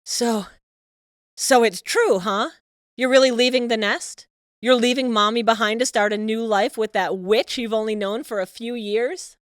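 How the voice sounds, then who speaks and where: A woman's voice: lowish voice, expressive, moderate pace, dry recording, clean studio sound, natural voice. Woman playing a cloying possessive mother. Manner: cloying, possessive, sing-song. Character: overbearing scheming middle-aged mother. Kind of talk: animated story voice-over.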